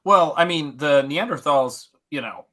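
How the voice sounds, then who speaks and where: A man with a somewhat high, bright voice hosts a casual late-night stream. He laughs easily and speeds up as he riffs. His tone stays animated and playful. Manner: animated, laughs easily, quick bursts of talk. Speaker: host.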